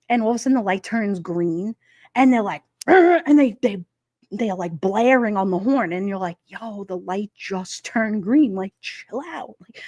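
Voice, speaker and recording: A woman's voice: mid-range voice, a little mellow, dry recording, clean studio sound. A woman hosting a livestream, rambling through casual anecdotes for her chat and laughing often. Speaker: livestream host. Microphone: streaming microphone.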